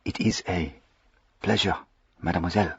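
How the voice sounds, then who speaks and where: A cool, mocking gentleman highwayman with a French accent, as a man reads him aloud. His deep, husky voice stays slow and courteous even while giving orders. The storybook recording sounds slightly muffled. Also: no room sound, exaggerated voice. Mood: faint. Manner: polite, ironic, commanding.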